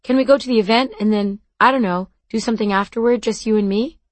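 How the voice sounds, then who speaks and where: A woman reads a gentle teenage boy for a storybook recording, speaking in a soft and hesitant way. His tender lines come through dry and close, with no room sound around them. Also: on the high side, fast, dry recording, lightly acted. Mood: gentle, shy.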